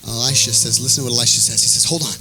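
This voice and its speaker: A man preaching a sermon in a sing-song, chanting cadence, acting out voices from scripture and breaking into shouts. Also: mid-range voice, little pitch movement, very fast, faint music behind, poor audio. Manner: acts out biblical voices in quotes. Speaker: pastor.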